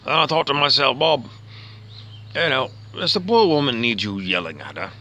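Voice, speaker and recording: A comedian voices a rambling, grumpy middle-aged husband from the outback in a comic monologue, talking through his gripes in a musing, self-questioning way and sometimes fading into a muttering whisper. The man's voice is medium-pitched, sing-song, and sharp, at a moderate pace.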